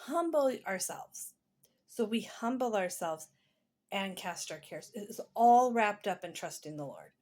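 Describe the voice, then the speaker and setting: A woman's voice: mid-range voice, expressive, measured pace, a little mellow. A woman vlogger and mother talking through her day in a casual voiceover, chatty and rambling, earnest and encouraging. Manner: chatty, rambling, self-deprecating.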